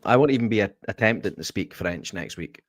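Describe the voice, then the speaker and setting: A man's voice: lowish voice, expressive, fairly quick, dry recording, studio quality. A man co-hosting a podcast, laid-back and hesitant, full of fillers. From Britain. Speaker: podcast co-host. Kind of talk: casual live-stream chat.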